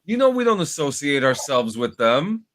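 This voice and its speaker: A man's voice: a little high, big pitch swings, normal speed, fairly bright tone, a little hiss or hum. A man from New Jersey, a podcast co-host, bantering in teasing casual chat over a call mic.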